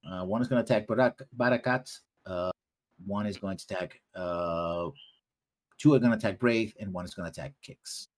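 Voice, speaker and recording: A man running a tabletop game as game master, narrating haltingly with many fillers. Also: fairly low pitch. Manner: halting, many ums and uhs while narrating.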